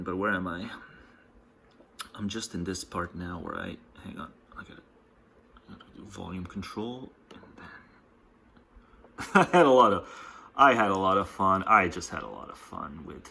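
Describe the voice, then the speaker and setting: Gravelly low-voiced man rambling aloud. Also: normal speed, long pauses, bright, forceful tone, a little hiss or hum. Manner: rambling, thinks aloud, laughs often. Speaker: commentary host. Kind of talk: casual solo commentary over clips.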